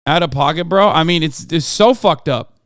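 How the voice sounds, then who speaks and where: A man's voice: on the high side, moderate pace, no room sound, clean studio sound. A man hosting a live stream, reacting to political clips in casual, profane, slangy commentary. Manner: animated, profane, slangy, addresses chat as bro. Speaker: streamer host.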